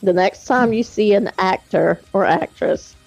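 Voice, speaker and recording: A woman's voice: mid-range voice, a little slow, vocal fry, a little mellow, dull audio. A woman chats on a stream, shooting down her friend with dry, teasing remarks. Faint music plays in the background. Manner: dry, teasing put-downs. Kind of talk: casual chat.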